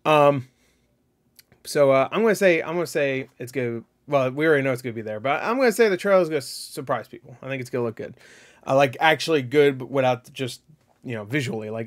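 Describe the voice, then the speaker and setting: A young man hosting a casual solo video of gaming predictions, rambling loosely with many fillers and casual swearing. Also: mid-range voice. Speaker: gaming channel host.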